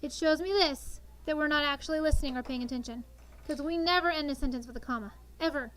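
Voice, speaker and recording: A woman in her thirties teaching sixth grade in a classroom, animated and coaxing, drawing call-and-response answers from her students. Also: high-pitched, fast.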